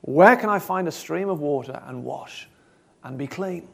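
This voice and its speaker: A man voicing an orphan boy chimney sweep who cries out high and drawn out. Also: lively intonation, normal speed, gravelly, a bit bright, exaggerated voice. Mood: despairing.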